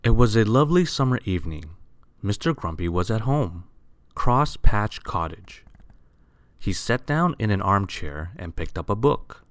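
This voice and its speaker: A man reading a children's picture book aloud, expressive and asking the listener questions. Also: fairly low pitch, measured pace, no echo, studio quality. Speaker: storyteller.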